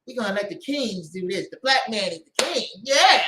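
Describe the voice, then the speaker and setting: Man, street preacher; confrontational, mocking delivery with a lively, swinging pitch and roomy echo. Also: normal speed, a little hiss or hum. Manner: heated, mocking, acts out voices, bursts into shouts.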